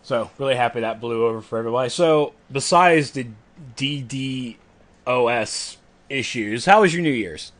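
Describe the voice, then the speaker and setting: A man's voice: mid-range voice, normal speed. Chatty young man co-hosting a podcast. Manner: chatty and self-deprecating, reading forum posts aloud. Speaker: podcast co-host. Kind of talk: casual gaming podcast chat.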